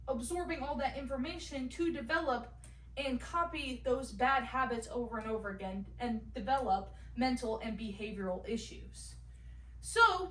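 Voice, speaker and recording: A young woman giving a class presentation, halting now and then with fillers and restarts. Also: a little high, a bit bright. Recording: echoey room, mic at a distance.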